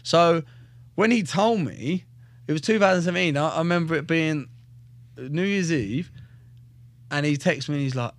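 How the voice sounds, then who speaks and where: A man's voice: on the high side, normal speed, pauses often. A young man, a fighter, telling his life story on a podcast in casual, swear-filled talk. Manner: heavy swearing, animated, acts out quotes. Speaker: guest, fighter.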